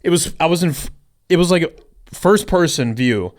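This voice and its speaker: A man's voice: a little high, animated, normal speed. A man co-hosting a casual podcast, telling a story in a rambling way with lots of fillers, restarts and laughter. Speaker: podcast co-host. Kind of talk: casual chat.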